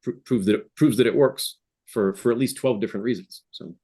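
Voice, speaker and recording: A man's voice: fairly low pitch, brisk, mellow, breathy edge. A man speaking as a guest in a casual interview over a video call from his home office, hesitant with frequent restarts. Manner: hesitant, many restarts and fillers. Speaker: app founder guest.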